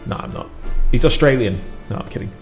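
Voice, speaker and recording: A British man from the UK, a community manager, casually hosts a gameplay livestream, chatty and joking with self-deprecating asides. His mid-range voice is a little mellow, quick and lively in intonation, recorded in a roomy space with faint music.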